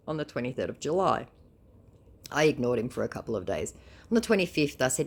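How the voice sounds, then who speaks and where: Sarcastic woman with gravelly voice. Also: rumbling low, sing-song, fairly quick, pauses often. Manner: sarcastic, teasing. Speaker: scam baiter. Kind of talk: mocking recap of a chat.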